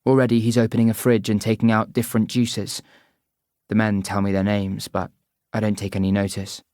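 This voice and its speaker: Male audiobook narrator, dry and measured. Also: on the low side, flat delivery, a little mellow, no room sound. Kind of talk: first-person audiobook narration.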